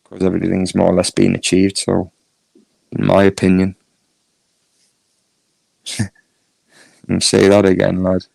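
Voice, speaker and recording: A Northern English man on a live stream, his low voice gravelly and fried at the edges. He talks loosely and laughs a lot, answering chat as he goes, and the sound is close and dry. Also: completely flat delivery, unhurried, long pauses, a little mellow, no echo. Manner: chatty, laughs often, reads chat aloud. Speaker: YouTube streamer.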